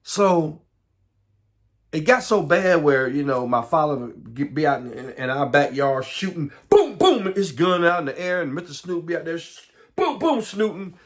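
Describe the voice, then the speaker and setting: A middle-aged man with a Southern American accent, telling his life story in a halting way, with many repeats and restarts, sometimes dropping to a low murmur. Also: a bit bright. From Southern United States. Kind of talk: personal life story monologue.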